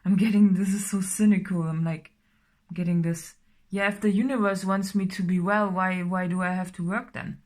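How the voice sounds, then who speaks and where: A woman's voice: medium pitch, steady tone, moderate pace, darkish tone. A woman doing a casual tarot reading, talking in a rambling way with many fillers and sometimes dropping to a whisper. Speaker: tarot reader.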